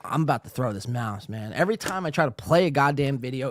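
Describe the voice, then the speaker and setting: A man's voice: mid-range voice, fairly quick, no echo. A man hosting a reaction podcast, ranting and swearing in casual commentary. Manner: profane, ranting, excitable. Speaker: podcast host.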